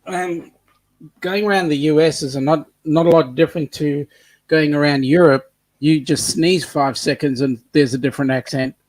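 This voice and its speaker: A man's voice: fairly high pitch, steady tone, moderate pace, no room sound. A man with an Australian accent in casual chat, teasing the others with dry jokes. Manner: joking, teasing banter.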